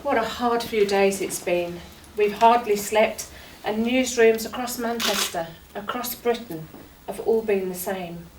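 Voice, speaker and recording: A woman's voice: medium pitch, a little slow, hardly any pauses, natural voice. A woman writer reading the part of a shaken journalist in an earnest, reflective stage monologue. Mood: sombre. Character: shaken newspaper journalist after an air crash. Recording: roomy, distant mic, faint noise.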